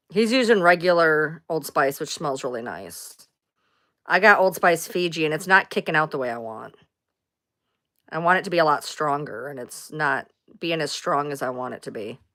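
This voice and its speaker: A woman's voice: fairly low pitch, a bit bright, smooth. A woman hosting a casual livestream, rambling loosely, answering chat comments and swearing now and then. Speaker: livestream host.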